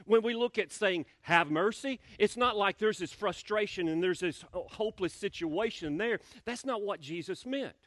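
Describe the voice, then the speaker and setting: A man's voice: sits high, normal speed, few pauses, fairly bright tone, dry recording. A male pastor preaching a sermon in a church, talking conversationally, repeating words and asking the congregation questions. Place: church sanctuary.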